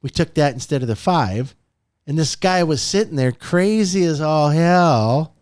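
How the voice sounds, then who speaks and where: A man's voice: unhurried, no echo, clean studio sound. A man hosting a motivational podcast, talking with animation and telling stories with frequent laughter. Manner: animated, swoops pitch up and down for emphasis; storytelling, laughs often. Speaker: podcast host.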